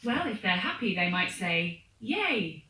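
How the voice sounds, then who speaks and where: A woman's synthetic smart-speaker assistant voice giving polite, scripted answers in an even manner. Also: medium pitch, normal speed. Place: room with two young people. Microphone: device speaker picked up by a room microphone. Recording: echoey room, distant from mic, noisy.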